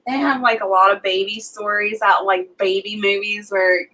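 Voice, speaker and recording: A woman's voice: medium pitch, fairly even intonation, normal speed, sharp tone, low-quality recording. A young woman co-hosting a livestream, chatting casually and telling personal stories with lots of "like" fillers. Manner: chatty storytelling, frequent "like" fillers. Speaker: livestream co-host. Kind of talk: casual chat.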